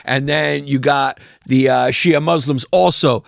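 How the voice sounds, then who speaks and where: American man, gravelly voice, wry podcast banter, dry close mic. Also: mid-range voice, steady tone, measured pace, no echo. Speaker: podcast co-host. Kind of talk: casual comedic chat.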